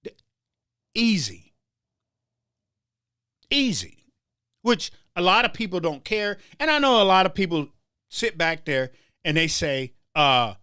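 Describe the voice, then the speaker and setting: A man's voice: high-pitched, sing-song, takes it slowly, pauses often, pushed and bright, smooth, dry recording, clean studio sound. A man hosting a political talk show, delivering a heated commentary monologue with stammered restarts and a preacher-like rhythm. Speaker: show host.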